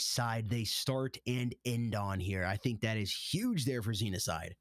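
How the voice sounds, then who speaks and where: A man casting a live esports match, rambling and getting excitable on big plays. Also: fairly low pitch, measured pace, no echo, clean studio sound. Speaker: esports caster.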